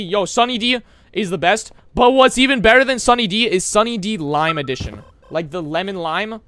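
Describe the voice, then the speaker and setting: A young man from America streaming a horror game live, shouting bursts of hype and muttering asides to chat. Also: sits high, moderate pace.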